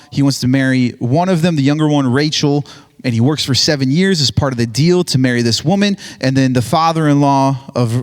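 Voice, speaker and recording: A man giving a casual, joking sermon, retelling a Bible story with lots of "like" and "right?". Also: medium pitch. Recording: hall reverb on voice.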